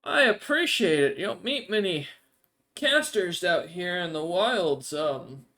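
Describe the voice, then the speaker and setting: A man voicing an ancient, friendly male desert stranger who is chatty and grateful and speaks slowly. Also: high-pitched, lively intonation, pushed and bright, voice pushed up, full character voice.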